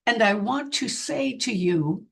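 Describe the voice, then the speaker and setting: A woman speaking as a spiritual medium, delivering a channeled message in slow, earnest, halting phrases. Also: fairly high pitch, animated, creaky.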